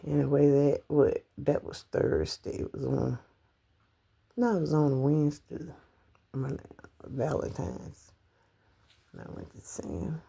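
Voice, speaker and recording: Grieving the loss of her husband, a middle-aged woman rambles tearfully through a personal story vlog, at times whispering or breaking into sobs. She speaks unhurriedly in a low, warm, slightly breathy voice with lively intonation, vocal fry and long pauses.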